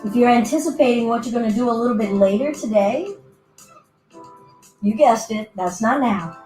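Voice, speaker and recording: A woman's voice: a little high, normal speed, darkish tone. A woman teaching a guided yoga class in a playful, chatty way, giving her breath and body little voices as she goes. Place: indoor room, virtual class. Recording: echoey room with faint music.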